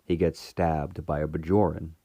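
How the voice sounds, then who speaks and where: A man's voice: a bass voice, flat delivery, moderate pace, dark tone, dry recording. A man casually recapping a TV episode in a rambling way, full of fillers and restarts. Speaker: fan reviewer retelling a TV episode.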